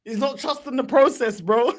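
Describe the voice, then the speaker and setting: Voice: high-pitched, moderate pace. A co-host, playfully teasing and goading the others in a casual football chat.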